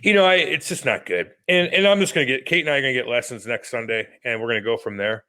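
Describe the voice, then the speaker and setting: Profane, animated man telling stories. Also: medium pitch, fast talker. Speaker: podcast co-host. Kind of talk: casual chat.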